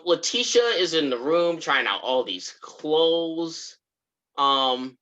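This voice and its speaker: A man's voice: on the high side, highs cut off. A man co-hosting a podcast, casually recapping a TV episode and acting out what the characters say. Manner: animated storytelling, acts out characters' lines. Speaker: podcast co-host.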